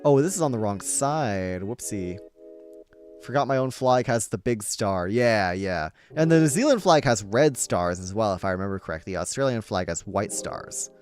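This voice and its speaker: A man's voice: on the low side, lively intonation, normal speed, a little mellow, soft background music. A man casually chatting with his viewers during a live game stream, upbeat and laughing often. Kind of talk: casual live-stream chat while playing.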